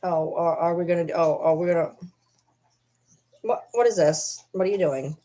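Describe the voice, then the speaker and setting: A woman's voice: lowish voice, moderate pace, mellow. A woman vlogger chatting casually to the camera and teasing her pet dog in doting baby talk.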